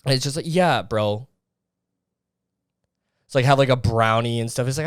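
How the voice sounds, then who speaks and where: A man's voice: medium pitch, lively intonation, moderate pace, long pauses, no echo, studio quality. A young man hosting a solo podcast, ranting in an exasperated, profane way about other people's habits. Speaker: podcast host.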